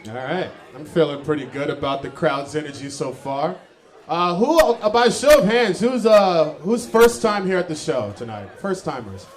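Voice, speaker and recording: A man hosting a live comedy show, doing loud, profane crowd work from the stage. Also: a little high, animated, normal speed. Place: packed comedy club stage. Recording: roomy live club with crowd noise. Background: laughing crowd.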